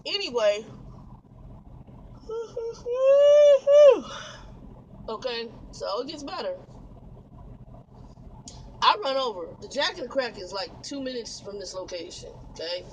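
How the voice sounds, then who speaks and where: A man's voice: very high-pitched, animated, normal speed, long pauses, pushed and bright, slight background noise, rough recording. A man who drives trucks tells a long, exasperated, rambling story to his camera from his truck cab, laughing now and then. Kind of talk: casual vlog storytelling. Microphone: camera facing the speaker.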